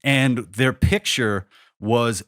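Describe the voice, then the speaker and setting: A man's voice: mid-range voice, slow, fairly bright tone, smooth, dry recording, studio quality. A man in his thirties hosting a podcast, rambling and joking at his own expense with many restarts. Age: 30s. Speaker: podcast host. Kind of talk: casual comedic conversation.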